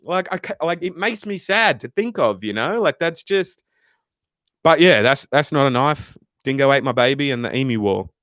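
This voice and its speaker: Reading chat on his livestream, a young Australian man rambles casually and curses often in an animated way. He talks at a normal speed at medium pitch, and the sound is clean, studio-grade, without echo.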